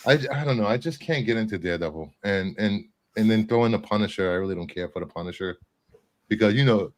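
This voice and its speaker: A man's voice: lowish voice, quick pace. A man hosting a casual pop-culture chat show, joking and rambling with lots of fillers. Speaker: podcast host.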